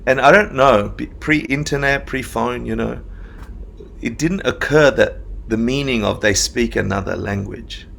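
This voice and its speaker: Gravelly-voiced man, Australian-Argentine accent. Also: medium pitch, measured pace, slight background noise. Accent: Australian-Argentine mix. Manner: animated storyteller, laughs often. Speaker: meditation teacher, guest. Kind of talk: casual interview talk.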